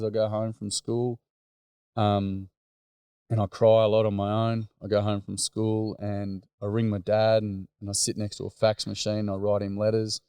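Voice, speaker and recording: A middle-aged Australian man with a lowish, dark, clean voice tells earnest, rambling personal stories from the workshops he runs with boys. He fills his talk with "um" and "mate," and the recording is dry.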